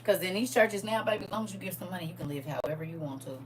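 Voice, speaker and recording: A woman hosting a live-streamed Bible study, preaching in a lively, playful way and answering viewers' comments. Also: fairly low pitch, racing, slight background noise.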